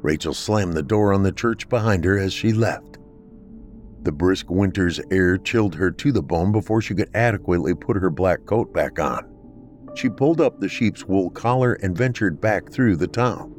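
A man hosting a podcast, narrating a horror story in a measured, dramatic way. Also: sits low, soft background music.

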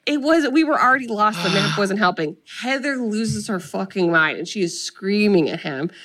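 A young woman chatting casually as a co-host, walking through a film's plot. She tells it with lively energy and acts out the characters' lines with swearing. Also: medium pitch, moderate pace. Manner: animated storytelling, acts out quotes with swearing. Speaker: podcast co-host. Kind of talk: casual chat retelling a film.

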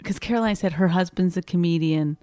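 A woman's voice: lowish voice, brisk, no echo, clean studio sound. A woman comedian casually telling a story, chattering with lots of "like" and acting out what people said. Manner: animated, lots of "like" and "I go", acts out quoted voices. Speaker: stand-up comedian.

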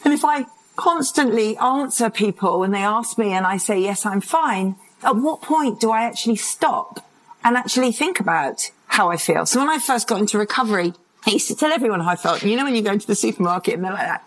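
A woman's voice: on the high side, fast, rough recording. A woman in her fifties, a parenting and addiction expert, talking in a live interview and acting out little quotes as she goes. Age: 50s. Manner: animated storytelling with acted-out quotes and laughs. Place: conference stage.

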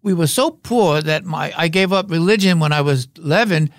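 An older man, a veteran actor and podcast guest, telling rambling, wry anecdotes with halting fillers. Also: on the high side, no echo, clean studio sound. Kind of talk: anecdotal interview talk.

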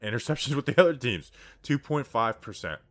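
A man's voice: mid-range voice, animated, fairly quick. A man hosting a sports podcast, chatting casually and rambling a little with fillers. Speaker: podcast host.

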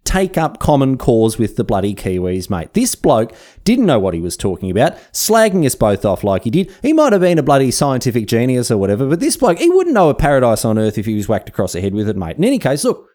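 Australian male podcast host, mellow tone, very lively pitch, cheeky and slangy, mock outrage on tap. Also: fast talker. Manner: irreverent, slangy, mock-indignant rants. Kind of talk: comedic history narration.

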